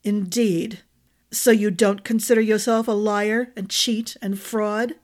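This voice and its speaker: Woman reading as a stern, pompous magistrate; slow, weighty, judgmental. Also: medium pitch, steady tone, a little mellow, natural voice.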